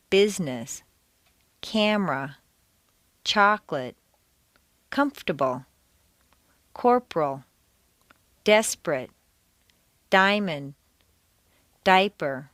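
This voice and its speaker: A woman's voice: medium pitch, fairly bright tone, dry recording, studio quality. A woman with an American accent reading a pronunciation drill, carefully enunciating each word with exaggerated intonation. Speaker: accent instructor. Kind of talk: slow, deliberate pronunciation drill.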